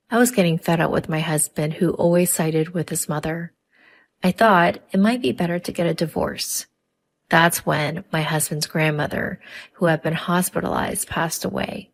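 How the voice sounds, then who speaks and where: A woman telling a first-person family drama story in scripted, even narration. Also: lowish voice, normal speed, creaky.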